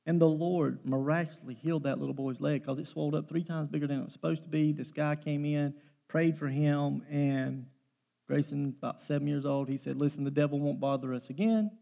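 Middle-aged man preaching, gravelly, slightly high voice, folksy family anecdotes. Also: darkish tone. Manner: folksy storytelling, rising to emphatic bursts. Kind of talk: sermon with family stories.

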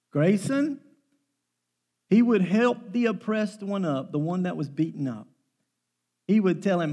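Middle-aged man preaching, gravelly, slightly high voice, folksy family anecdotes. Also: sing-song, measured pace, pauses often, dark tone. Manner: folksy storytelling, rising to emphatic bursts. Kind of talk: sermon with family stories.

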